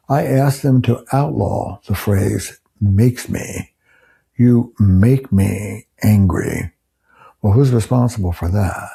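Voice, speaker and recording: A man's voice: mid-range voice, creaky, mellow, slightly rough. An older man, a couples therapist, earnestly explaining ideas to camera and acting out example phrases. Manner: earnest, emphatic, acts out example quotes.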